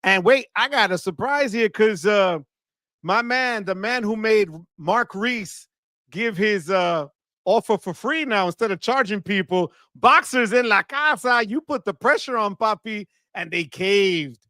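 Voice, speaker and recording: A man's voice: high-pitched, unhurried, pushed and bright, no room sound. A man hosting a live credit card stream from his studio, upbeat and chatty, greeting viewers one by one and mixing in Spanish words, his voice a little off from allergies. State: voice affected by allergies. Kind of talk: casual livestream chat. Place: home studio. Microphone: close studio mic.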